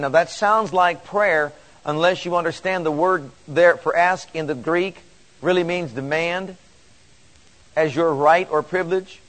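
Man preaching with slow, emphatic stresses. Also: on the high side, fairly bright tone, low-quality recording. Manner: slows down to stress scripture, rising to emphatic declarations. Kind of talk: sermon.

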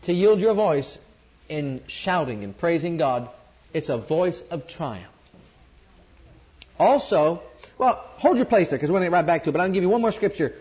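A man's voice: a little high, lively intonation, moderate pace, highs cut off. A man preaching a sermon and calling on the congregation to join in. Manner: emphatic, calls on the congregation to respond.

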